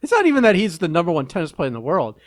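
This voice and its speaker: A man co-hosting a podcast ribs his partner with dry, teasing remarks. His voice is a bit high for a man and sounds close and dry, with no room echo. He keeps the chat relaxed and conversational. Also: very fast. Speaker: podcast co-host. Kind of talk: casual chat.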